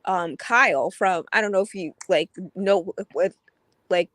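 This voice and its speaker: A woman's voice: fairly low pitch, unhurried, fairly bright tone, no room sound. A woman in a casual chat, speaking tentatively with many hesitations.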